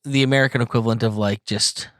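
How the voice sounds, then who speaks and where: A man's voice: medium pitch, fairly even intonation, fast talker, a bit bright. A man in a middle register hosts a loose podcast conversation, rambling between jokes and swearing often. The sound is dry and close, with no room echo. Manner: rambling, profane, joking. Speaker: podcast host. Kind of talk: casual chat.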